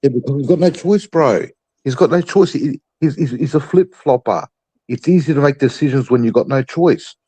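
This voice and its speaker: A man's voice: medium pitch, moderate pace, mellow, slightly rough, low-quality recording. An Australian man on a podcast, ranting in a fired-up, profane way about how the team should play, like a coach giving orders. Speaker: podcast panelist. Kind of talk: heated sports chat.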